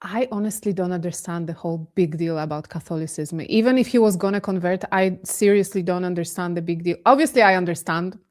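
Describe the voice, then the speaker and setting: Animated woman guest from Poland. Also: fairly low pitch, fairly quick, hardly any pauses. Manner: animated, incredulous emphasis. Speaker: guest commentator. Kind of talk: casual podcast discussion.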